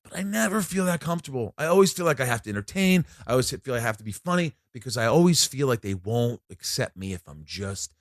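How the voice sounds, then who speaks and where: A man's voice: mid-range voice, fast talker, few pauses, no room sound, clean studio sound. A man telling long anecdotes in a casual chat, stammering, repeating himself and talking himself down. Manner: rambling, animated, self-deprecating, stammers and repeats.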